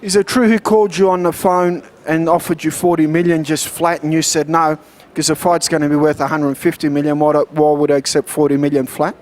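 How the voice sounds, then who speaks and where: A man's voice: a little high, level tone, a little fast, a little mellow. A man hosting a boxing interview show, asking upbeat promotional questions.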